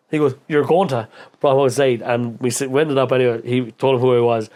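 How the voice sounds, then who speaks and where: Animated Irish man telling a pub story. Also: medium pitch, fast talker. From Irish midlands. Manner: animated, acts out quoted voices, swears freely. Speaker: podcast guest. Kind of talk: casual storytelling interview.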